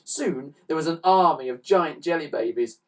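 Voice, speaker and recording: A man reading a children's story aloud with expressive, animated narration, recorded on a slightly distant mic. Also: fairly high pitch, normal speed. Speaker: storybook reader.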